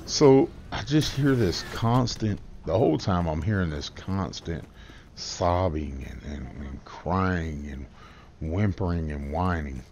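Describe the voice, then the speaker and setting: Brash deep-voiced man telling a roast story. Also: animated, slow, darkish tone, a little hiss or hum. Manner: brash, trash-talking storyteller. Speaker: guest youtuber. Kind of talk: comedic story monologue.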